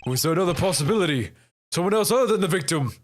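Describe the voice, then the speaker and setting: Composed prosecutor, voiced by a man, measured, deliberate, slightly high voice, game fan dub. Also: animated, a little hiss or hum. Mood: pensive. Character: cool composed male prosecutor, measured and proud.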